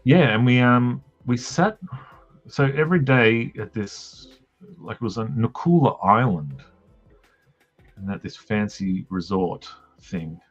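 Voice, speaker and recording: A man's voice: medium pitch, expressive, slow pace, soft background music. An Australian man hosting a drawing livestream, chatting casually in a joking, meandering way with lots of ums and tangents. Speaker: livestream host drawing comics. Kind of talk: casual rambling chat while drawing. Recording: dull lo-fi livestream audio.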